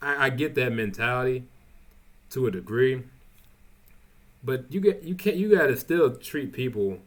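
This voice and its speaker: A man's voice: medium pitch, lively intonation. Give me a man rambling through a casual spoiler review, stumbling over his words. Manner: rambling, halting, with many restarts and fillers. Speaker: TV show reviewer.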